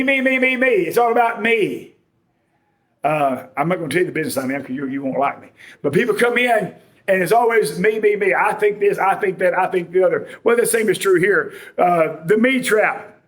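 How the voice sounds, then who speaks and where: A preacher with a high-sitting voice for a man delivers a folksy, conversational sermon. He slips jokes and homespun stories into his points.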